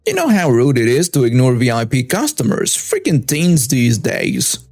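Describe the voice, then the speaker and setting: A man's voice: mid-range voice, wildly swooping pitch, moderate pace, vocal fry, a little mellow, no room sound, soft background music, exaggerated voice. A man voicing an entitled, demanding middle-aged woman shopper in a narrated story. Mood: indignant. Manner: indignant, demanding.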